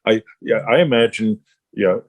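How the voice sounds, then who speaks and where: A middle-aged man, co-hosting a casual chat, blunt and swearing freely as he tells animated stories. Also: fairly low pitch, moderate pace, no echo. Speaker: podcast co-host.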